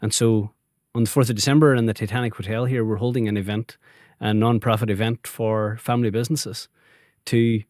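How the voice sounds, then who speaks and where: A man's voice: fairly low pitch, steady tone, fairly quick, a little mellow, dry recording, clean studio sound. A Northern Irish man, a business owner, telling stories in a friendly, conversational interview. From Northern Ireland. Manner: friendly storytelling, laughs easily. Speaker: guest, family business owner.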